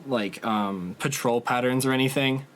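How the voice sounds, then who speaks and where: A man's voice: mid-range voice, moderate pace, fairly bright tone, a little hiss or hum. A man playing in a tabletop game, thinking aloud hesitantly with many fillers. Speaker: player. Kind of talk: casual tabletop play.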